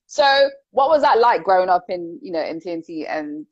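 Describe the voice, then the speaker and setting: A woman, hosting an interview in a casual, chatty way with quick follow-up questions. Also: mid-range voice, big pitch swings, no room sound. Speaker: interview host. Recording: slightly dull lo-fi sound.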